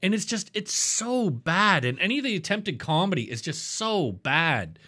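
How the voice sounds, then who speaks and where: A man's voice: high-pitched, sing-song, moderate pace, pushed and bright. Guy on a podcast ranting about an episode, swears a lot, voice jumps all over. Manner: blunt, profane, rambling. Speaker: podcast co-host. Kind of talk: casual episode review chat.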